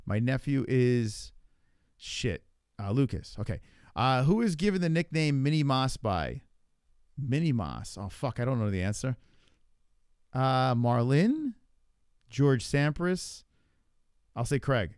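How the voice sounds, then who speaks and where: A man hosting a casual podcast, thinking aloud while he plays a quiz, with lots of swearing, fillers and halting repeats. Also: medium pitch, big pitch swings, darkish tone, clear, resonant tone, dry recording, studio quality. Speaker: podcast host. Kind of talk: casual chat while playing an online quiz.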